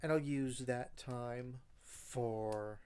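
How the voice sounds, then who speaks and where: A man's voice: mid-range voice, steady tone, very slow, darkish tone. A man talking casually in a rambling, self-deprecating video diary with many fillers, sounding congested, recorded in a car. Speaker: vlogger.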